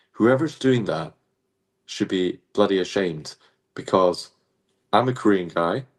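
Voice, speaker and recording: Man, low pitch, emphatic, blunt, interview guest. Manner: passionate, emphatic, blunt with mild swearing. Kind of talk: live-stream interview.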